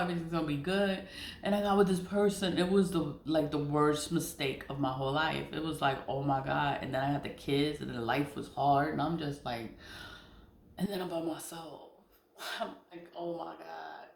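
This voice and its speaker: A middle-aged woman telling a personal story in a blunt, candid way, swearing freely and laughing between lines. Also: deep voice. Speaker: spiritual content creator. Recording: roomy echo.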